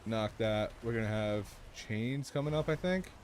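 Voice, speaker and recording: Male streamer, deeper voice, jokey live gameplay commentary, light background noise. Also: moderate pace. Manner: excitable, jokey, talks to chat and teammates.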